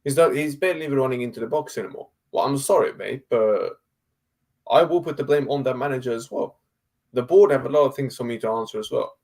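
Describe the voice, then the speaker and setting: Co-hosting a football podcast over an online call, a man argues in a casual debate, blunt and exasperated, swearing and firing off rhetorical questions. His mid-range voice has a darkish tone, and he talks fast.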